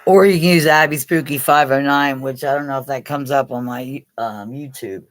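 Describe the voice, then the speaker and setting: A woman's voice: very deep voice, moderate pace, no room sound. An older woman from Pennsylvania hosting a casual live chat with her viewers, rambling, swearing freely and laughing often. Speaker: live stream host.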